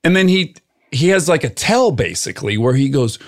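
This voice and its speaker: A middle-aged man telling a story in casual chat, animated and acting out what people said. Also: on the high side, normal speed. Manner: animated storyteller, acts out quoted shouting.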